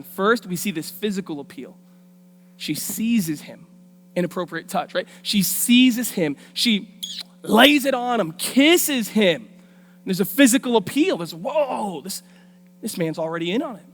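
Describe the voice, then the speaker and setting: A woman guest preacher telling a Bible story in a lively, colloquial, street-smart way during a sermon. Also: medium pitch, unhurried. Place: church.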